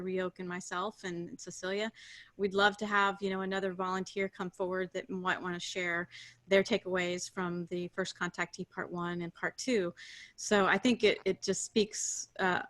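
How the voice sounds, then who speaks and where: A woman co-hosting a spiritual group call, speaking in a soft, affirming way with many fillers. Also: medium pitch. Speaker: co-host.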